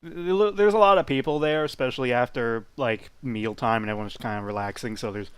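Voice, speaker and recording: A man runs a tabletop game, narrating scenes in a relaxed, offhand way. His voice sits at a middle pitch, recorded close and dry with no room sound. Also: a little fast, clean tone, dry recording. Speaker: game master.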